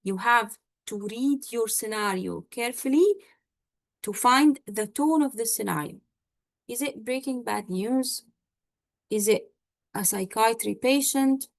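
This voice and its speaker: A woman with a fairly high voice leads a medical exam teaching session at an unhurried pace. She checks in with her students often and stops to search for words. The sound is dry and close. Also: no echo. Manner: explanatory, frequent "okay?" and "all right?" check-ins.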